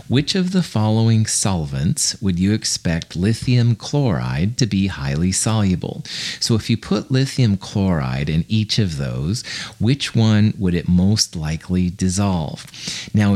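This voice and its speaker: A man with a deep, low voice teaches chemistry in a recorded screencast. He explains things casually and chattily, and drops in self-deprecating jokes. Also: a little mellow. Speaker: college chemistry instructor.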